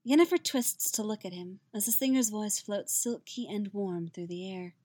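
A woman reading fan fiction aloud in a soft, gentle, unhurried way. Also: medium pitch. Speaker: narrator.

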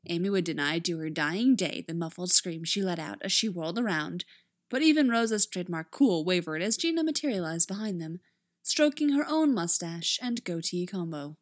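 A woman reading fan fiction aloud with expressive, animated storytelling. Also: lowish voice, normal speed. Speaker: reader.

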